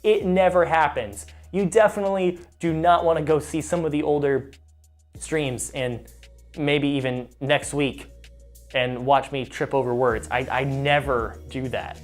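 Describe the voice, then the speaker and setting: A man's voice: a little high, fairly even intonation, measured pace, soft background music. A man hosting a live trivia game stream, chatty and self-mocking, stumbling over place names as he reads the questions.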